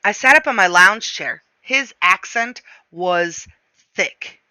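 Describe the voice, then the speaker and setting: A woman reading a novel aloud, shifting her pace and slowing on descriptive phrases. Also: medium pitch, animated, bright, forceful tone, smooth, no room sound, poor audio. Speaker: reader.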